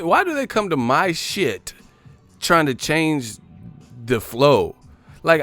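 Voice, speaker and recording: A man's voice: medium pitch, fairly bright tone. A man hosting a boxing livestream, ranting casually and profanely while driving his car. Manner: profane, rambling, mocking. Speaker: boxing channel host.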